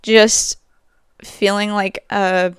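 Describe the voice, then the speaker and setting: A woman's voice: medium pitch, flat delivery, very slow, fairly bright tone, clean tone, dry recording, studio quality. A young woman hosting a podcast at home, talking candidly and rambling, with many fillers and frequent laughs. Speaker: podcast host. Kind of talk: casual monologue.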